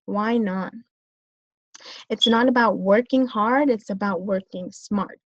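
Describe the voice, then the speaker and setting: A woman's voice: mid-range voice, slow, no room sound, dull audio. A young woman in her twenties, a student, talking through her own strengths and weaknesses in a hesitant way, with many fillers and restarts. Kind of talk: self-reflective talk.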